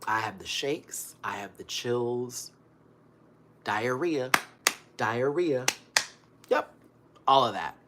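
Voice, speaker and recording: A man ranting casually on camera, swinging between loud outbursts and hushed muttering, still recovering from an illness. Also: mid-range voice, slow, pauses often, background noise. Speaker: vlogger.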